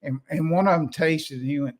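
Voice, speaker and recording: A man's voice: on the high side, fairly quick. An older man, a podcast guest telling folksy, rambling stories with many restarts. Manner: folksy, rambling, self-interrupting. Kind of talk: casual storytelling.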